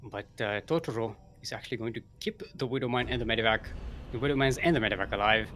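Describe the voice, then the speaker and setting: A man's voice: medium pitch, fast, a bit bright, faint music behind. Chatty male game caster. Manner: rambling, chatty, with frequent fillers. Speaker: esports caster. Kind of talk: live game commentary.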